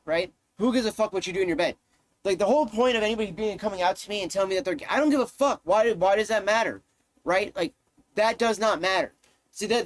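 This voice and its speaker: A man's voice: high-pitched, no echo. A man live-streaming, ranting to his chat in a heated, profane way, often repeating himself.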